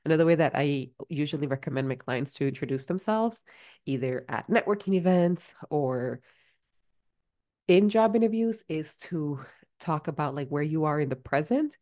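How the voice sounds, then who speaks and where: A woman with a low, grounded voice talks through career advice as a podcast host. She speaks casually, circling back with fillers and small restarts as she thinks aloud. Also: animated, normal speed, dark tone. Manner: chatty, many fillers and restarts. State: out of breath at times.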